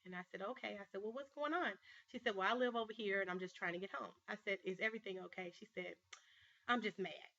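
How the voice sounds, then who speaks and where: A woman's voice: medium pitch, fast, sharp tone, muffled recording. A woman hosting her own vlog show, talking straight to camera in an earnest, emphatic storytelling manner. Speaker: life coach and show host. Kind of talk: personal vlog monologue.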